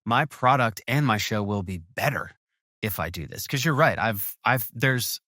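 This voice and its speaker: Bright-voiced enthusiastic male podcast host. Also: fairly low pitch, expressive, normal speed, no echo, clean studio sound. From USA. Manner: enthusiastic, effusive, stumbling restarts. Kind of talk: casual interview chat.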